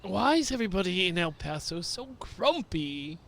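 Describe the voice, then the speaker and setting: A man voicing a prim, easily flustered character in a drawn-out, mock-refined delivery. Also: high-pitched, big pitch swings, gravelly, a bit bright, full character voice.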